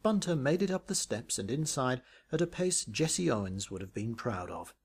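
A man's voice: mid-range voice, sing-song, moderate pace, vocal fry, slightly rough. Dry, wry male storyteller. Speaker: narrator. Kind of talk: reading a comic parody story aloud.

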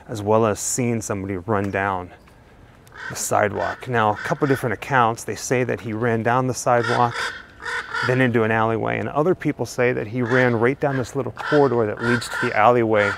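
A man hosting a true crime show, telling the story in a steady narrative style while walking outdoors on a residential street. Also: mid-range voice, creaky, noisy background. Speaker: true crime channel host.

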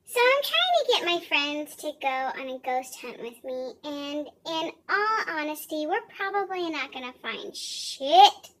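A woman's voice: high-pitched, big pitch swings, a little slow, few pauses, fairly bright tone, low-quality recording. A young woman vlogging in a rambling, sarcastic, giggly way, swearing freely. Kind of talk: casual chat to camera.

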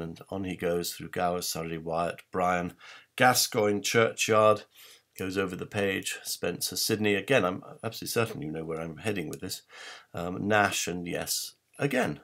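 A man presenting research over slides in a measured, wry way, with rhetorical asides to his viewers and frequent hesitations. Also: low voice, gravelly. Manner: frequent hesitations and self-corrections. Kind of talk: illustrated talk walking through slides.

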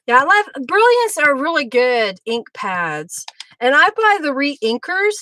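A woman's voice: high voice, sing-song, slow pace, bright, forceful tone, slight background noise, poor audio. A middle-aged woman, chatting casually and laughing often while she hosts a live craft demo. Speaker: craft livestream host.

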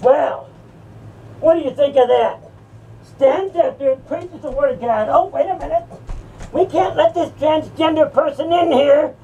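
A sneering male horror ghoul, put on by a woman, jeers and taunts, his high voice grinding with gravel as he breaks into shouts and cackles. He sounds set back from the mic, with a faint hiss of noise around him. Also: unhurried, recorded from a distance, muffled recording. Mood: taunting. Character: sneering male horror character mocking a church. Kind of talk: improvised character rant.

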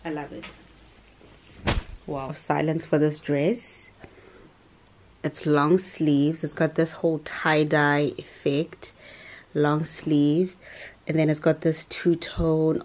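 A woman's voice: deep voice, little pitch movement, slow pace, pauses often, darkish tone. A young South African woman vlogging in a sassy, dramatic way, tossing in "child" and "honey". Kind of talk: casual vlog chat.

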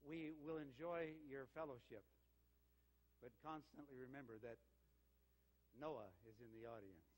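A man's voice: mid-range voice, unhurried, long pauses. An older man, an interim senior pastor, telling a story in a sermon with anecdotes. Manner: warm storytelling with lively quoted exchanges. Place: church sanctuary. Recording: reverberant church sanctuary.

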